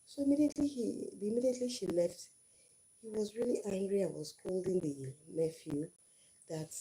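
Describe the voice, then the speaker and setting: A woman's voice: mid-range voice, normal speed, warm tone. A middle-aged woman hosting her first livestream, telling a story and giving marriage advice in an earnest way, often repeating phrases for emphasis.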